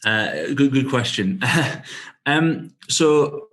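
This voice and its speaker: A man with a softened northeast English accent, a management consultant talking in a relaxed, easygoing way with hesitant fillers. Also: mid-range voice, very slow. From northeast England. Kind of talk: casual webinar discussion.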